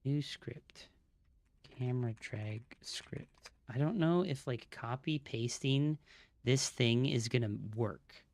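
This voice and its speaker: A man streaming live as a gamer, troubleshooting out loud, swearing a lot and muttering under his breath. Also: mid-range voice, slow pace, no room sound. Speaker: gaming streamer.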